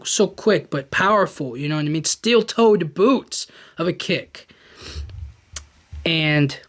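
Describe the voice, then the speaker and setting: Rambling, animated podcast host, a man. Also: on the high side. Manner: animated, rambling, talks to the listener directly. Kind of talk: casual commentary.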